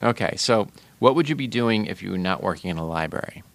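A man's voice: lowish voice, expressive, fast talker, creaky, dry recording. A man co-hosting a podcast interview, teasing his partner and asking the guest questions. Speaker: podcast co-host. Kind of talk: casual banter.

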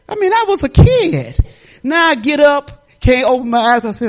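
Her voice pitched high and her pace moderate, a middle-aged female pastor gives an animated, homespun sermon. She laughs along the way and talks back and forth with the congregation.

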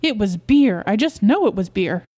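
A woman's voice: mid-range voice, animated, normal speed, warm tone, natural voice. A woman voicing an anxious, protective young mother who scolds her husband indignantly, in a storybook reading. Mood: suspicious.

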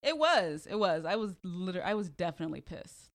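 Podcast co-host, woman, lowish voice, blunt and chatty, quick to react. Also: very animated. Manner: frank, ranting, quick reactions. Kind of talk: casual chat.

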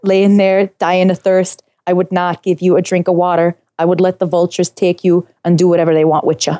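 A woman's voice: lowish voice, level tone, fairly quick, mellow, natural voice. Woman doing a spiteful tough woman's impression. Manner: mimicking another person's accent, laughing through it. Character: bitter tough woman vowing no mercy.

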